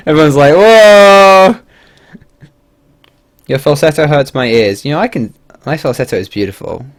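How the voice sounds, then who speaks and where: Speaking at a normal speed with a fairly high voice, a game streamer rambles through casual livestream commentary. His manner is animated, with plenty of swearing and chuckling.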